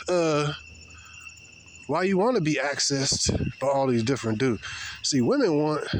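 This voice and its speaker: A man's voice: a little high, a little hiss or hum. A man giving a blunt, rambling opinion monologue while walking outdoors, with many fillers and repeated words. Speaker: vlogger. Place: outdoors, walking past people.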